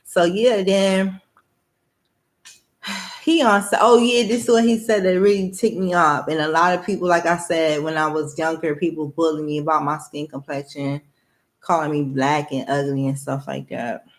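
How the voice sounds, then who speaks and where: A woman's voice: deep voice, fairly even intonation, moderate pace. Blunt, profane woman venting on camera. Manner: blunt, rambling, heavy profanity. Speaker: vlogger. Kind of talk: candid personal monologue.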